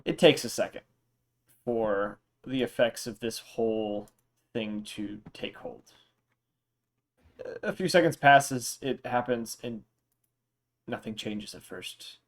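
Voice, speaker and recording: Relaxed young man narrating as game master. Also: medium pitch, slow, long pauses. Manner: relaxed, meandering narration with fillers. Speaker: dungeon master.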